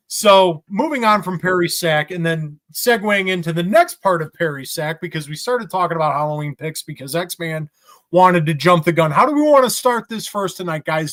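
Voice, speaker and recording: A man with a slightly high voice hosts a loose gaming podcast with friends. He laughs a lot and keeps nudging the talk along. The sound is dry and close. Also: fairly bright tone, no echo. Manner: laughs often, steers the talk. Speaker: podcast host. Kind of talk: casual gaming podcast chat.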